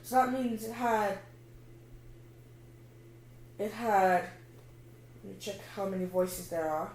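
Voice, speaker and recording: A woman casually demonstrating screen-reader software, thinking aloud and searching as she goes. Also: medium pitch, slow pace, roomy sound, poor audio.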